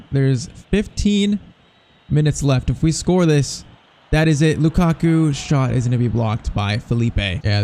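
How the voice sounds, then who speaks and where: A young man calls his own football video game match live, urging on the players on screen. His voice is mellow and warm, and faint noise hums behind him. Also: mid-range voice. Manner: excitable, talks to the players on screen. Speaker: gaming commentator. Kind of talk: live gameplay commentary.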